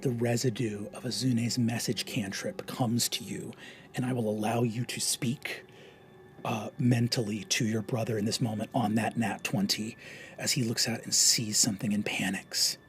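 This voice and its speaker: A man narrating a tabletop role-playing game as game master, shifting between hushed whispers and urgent, raised passages. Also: fairly low pitch, fairly even intonation, normal speed. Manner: dramatic storytelling, dropping to whispers and rising to urgent shouts.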